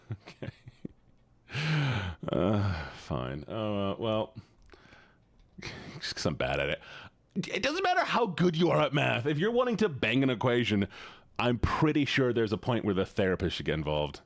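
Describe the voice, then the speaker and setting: A male streamer reacts to viewer submissions in an exasperated, theatrical rant. His pitch swings wildly, from low grumbles up to sudden high squeals. The sound is dry and close, with no room around it. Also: huge pitch swings, measured pace, long pauses, dry recording.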